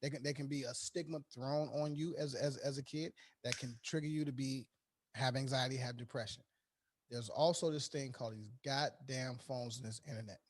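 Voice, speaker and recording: A man's voice: medium pitch, steady tone, moderate pace. A man from Chicago co-hosting a podcast, talking casually with stammered restarts and profanity, often tossing questions back to the group. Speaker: podcast co-host. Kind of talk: casual chat.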